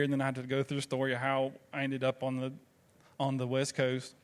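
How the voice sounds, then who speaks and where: A Southern pastor from the United States preaches a sermon in a mid-range, monotone voice at a quick pace. He tells stories conversationally and throws rhetorical questions at the congregation.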